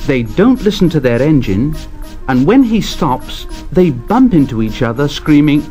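Slow, expressive man reading a children's story. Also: mid-range voice. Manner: expressive, unhurried. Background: music.

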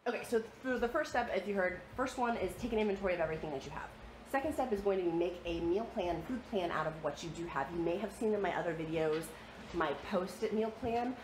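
A woman's voice: medium pitch, animated, fast, reverberant, a little hiss or hum. A young woman with a slightly nasal, sniffly voice, chatting casually through a home kitchen vlog with lots of ums. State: coming down with a cold. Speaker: vlogger.

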